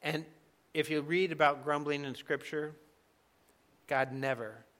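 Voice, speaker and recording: A man preaching a sermon in a conversational, emphatic way, dropping to soft asides now and then. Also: fairly high pitch, steady tone, measured pace. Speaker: pastor.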